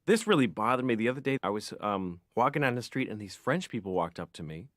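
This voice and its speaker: A man's voice: on the low side, very animated, quick pace, no echo, studio quality. A man doing a sardonic, exasperated stand-up monologue as a therapy patient.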